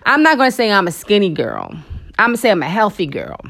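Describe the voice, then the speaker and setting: Expressive woman giving animated faith talk. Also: mid-range voice, fast talker, gravelly. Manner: expressive, emotional, animated preaching with frequent asides; conversational, addresses listeners as girl and honey. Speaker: host of a faith talk show. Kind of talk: casual motivational Christian talk.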